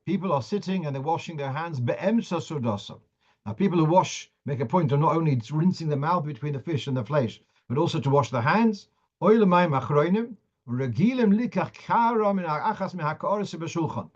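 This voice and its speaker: Rabbi teaching Torah law, slightly high voice. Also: male voice, lively intonation, normal speed. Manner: reads Hebrew and Aramaic sources aloud and translates them; explanatory, with frequent restarts. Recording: dull lo-fi sound.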